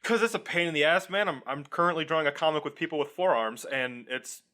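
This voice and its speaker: Bright-voiced man chatting casually. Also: fairly high pitch, quick pace. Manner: laughs often, swears freely, acts out quoted lines. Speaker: podcast co-host. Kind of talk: casual chat.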